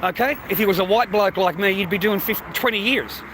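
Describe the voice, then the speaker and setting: A man's voice: high voice, brisk, fairly bright tone. A man live streaming on a phone while he walks down a city street, talking in a blunt, profane, rambling way. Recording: faint street noise.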